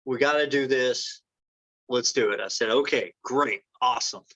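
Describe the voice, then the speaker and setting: A man in a casual interview, spinning rambling stories and acting out what others said. His voice sits at an ordinary pitch. The recording is dry and a little dull, like a modest lo-fi setup. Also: normal speed, fairly bright tone, no echo. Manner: rambling anecdotes, acts out quoted dialogue. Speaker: entrepreneur guest.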